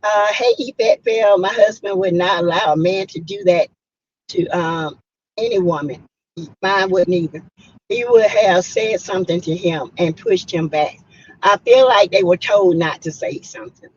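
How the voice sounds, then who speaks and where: Hosting a casual livestream reviewing reality TV, this middle-aged South Carolina woman calls out viewers by name and speaks her mind frankly. Her voice is lowish and slightly rough, moving at a moderate pace, in a recording that lacks high frequencies.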